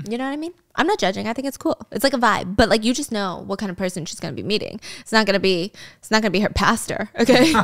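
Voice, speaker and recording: A woman casually recapping a drama story, chatty and sarcastic, with swearing and laughing asides. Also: medium pitch.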